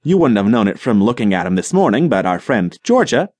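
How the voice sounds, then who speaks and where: A man's voice: lowish voice, big pitch swings, brisk, a little mellow, breathy edge, no room sound. A man voicing a grandiloquent, professorial older colony leader who talks in a rhetorical, dramatic way.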